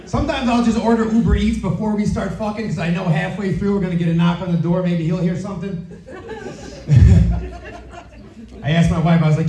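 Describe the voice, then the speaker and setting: A man's voice: high-pitched, fairly quick, long pauses. A man from Philadelphia doing a crude stand-up routine in a comedy club, often asking the audience if they follow him. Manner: brash, crude, checks in with the audience. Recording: echoey club recording, distant mic, loud audience laughter. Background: audience laughing.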